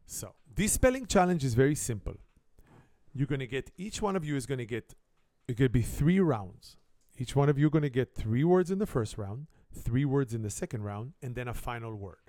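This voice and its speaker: Brief: middle-aged Israeli man hosting a family game, Hebrew native speaking shaky English, mid-pitched voice, dry close sound. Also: normal speed, dry recording. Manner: broken English grammar, animated comic storytelling. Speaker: family game show host. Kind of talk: playful storytelling and game hosting.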